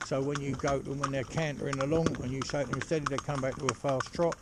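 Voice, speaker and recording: Chatty man over loud hoof noise. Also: mid-range voice, steady tone, fast. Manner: chatty, rambling, full of "you know". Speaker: horse trainer. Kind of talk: casual spoken instruction while driving ponies. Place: outdoors on a pony cart.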